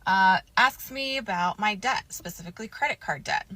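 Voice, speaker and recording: A woman telling a personal story to camera in a casual, animated, candid way. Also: mid-range voice, moderate pace, no room sound. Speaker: storytime vlogger.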